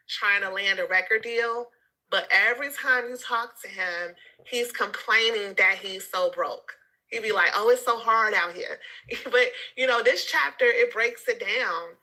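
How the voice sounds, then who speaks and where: Bright, animated woman sharing a story. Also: mid-range voice, rough recording. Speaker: group participant. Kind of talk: casual chat.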